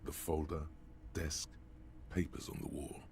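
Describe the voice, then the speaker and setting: An actor voicing a grim inner voice that narrates and taunts a detective's mind in a video game. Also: male voice, little pitch movement, measured pace, creaky, darkish tone, husky, exaggerated voice. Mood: ominous taunting. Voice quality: deep, ominous, taunting.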